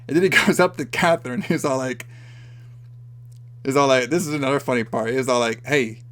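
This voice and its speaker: A man in the middle of a loose podcast chat, retelling a movie plot with lots of energy. He jumps in and out of the characters' lines, swearing and laughing as he goes. His voice sits at an ordinary pitch. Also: brisk, fairly bright tone. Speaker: podcast co-host. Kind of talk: casual movie recap chat.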